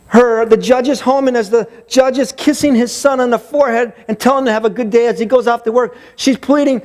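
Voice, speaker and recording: A man's voice: extremely high pitch, steady tone, fairly quick, a little mellow. A man preaching a sermon as pastor, telling a story with emphatic repetition and frequent restarts. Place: church sanctuary.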